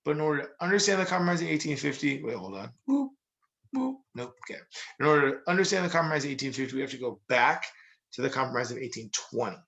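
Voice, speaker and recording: Chatty gravelly male history teacher. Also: medium pitch, animated, rapid-fire, bright, forceful tone, poor audio. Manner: chatty, jokey, full of asides and "like". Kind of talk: casual recorded history lecture.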